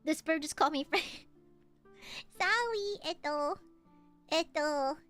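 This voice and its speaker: A woman's voice: sits high, takes it slowly, bright, forceful tone, faint music behind. A young American woman streaming casually, playfully thanking donors and shrieking back at her chat. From United States. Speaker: VTuber streamer. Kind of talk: casual livestream chat, reading donations.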